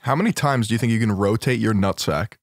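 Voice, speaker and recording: A man's voice: fairly low pitch, fast talker, no room sound, clean studio sound. A laid-back young man co-hosting a casual podcast, easily amused. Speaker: podcast co-host.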